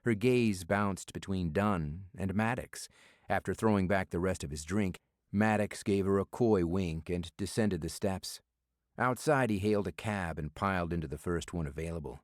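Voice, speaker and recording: A male narrator reading a thriller audiobook in a measured way. His voice is very low and deep. The booth sound is close and dry, with no room echo. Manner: measured storytelling. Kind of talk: scripted narration.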